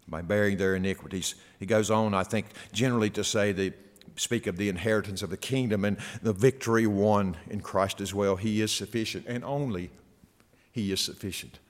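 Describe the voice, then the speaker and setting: A man preaching a sermon, reading scripture aloud and building to loud, emphatic stretches. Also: lowish voice, steady tone, moderate pace. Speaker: pastor. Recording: long hall reverb.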